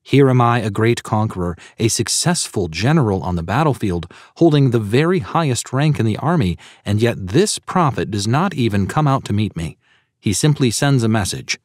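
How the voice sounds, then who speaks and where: A man's voice: fairly low pitch, very animated, moderate pace, a little mellow, dry recording, studio quality. A man voicing a proud, indignant army general with a haughty, aggrieved tone.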